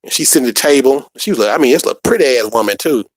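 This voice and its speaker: A man's voice: mid-range voice, racing, no room sound. Profane man telling stories. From Alabama. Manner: profane, animated, repetitive restarts. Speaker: podcast storyteller. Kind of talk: casual profane storytelling.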